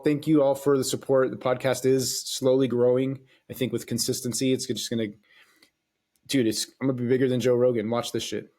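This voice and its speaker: A man hosts his own podcast alone, talking loosely and swearing freely. He rambles and stops to restart his sentences. His voice sits at an ordinary middle pitch. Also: darkish tone. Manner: rambling and profane, with frequent hesitations. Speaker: podcast host. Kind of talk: casual solo podcast monologue.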